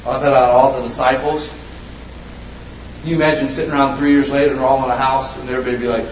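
Animated man preaching in an echoey hall. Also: quick pace, slight background noise. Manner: animated, swings from loud high bursts to low hushed lines. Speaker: pastor. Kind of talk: sermon. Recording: roomy echo, mic at a distance.

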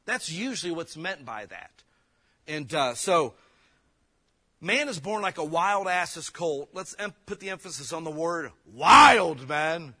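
A man preaching a casual, joking sermon, slowing down to read old scripture verses and breaking into loud emphatic bursts. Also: a little high, lively intonation. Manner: reads King James verses slowly. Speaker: pastor.

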